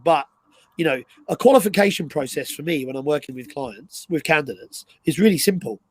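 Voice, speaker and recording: A man's voice: fairly high pitch, lively intonation, a little fast, slightly rough, dry recording, low-quality recording. A man co-hosting a live chat, telling stories with many fillers and restarts. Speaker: co-host and recruiter.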